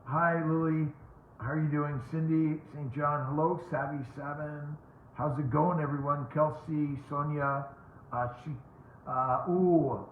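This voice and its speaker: A man with a fairly high voice runs a relaxed livestream Q&A from home as a fertility doctor, saying hello to viewers by name and wandering off with lots of fillers. The sound is tinny and phone-like, echoing in the room, with slight hiss or hum.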